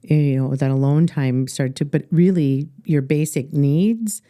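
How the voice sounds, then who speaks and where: Middle-aged Upper Midwest woman coach, earnest, halting delivery, very dark tone, dry close mic. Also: deep voice, no room sound. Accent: Upper Midwest American. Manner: earnest, halting, many fillers and restarts. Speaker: guest life coach. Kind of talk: podcast interview, personal story.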